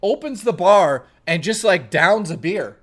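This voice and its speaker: A man streaming from home, telling a long anecdote to his chat in a casual, profane, lively way. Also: high-pitched, unhurried.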